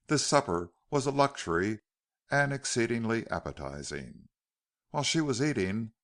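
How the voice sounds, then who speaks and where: A man narrating an audiobook with measured, expressive storytelling. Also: on the low side.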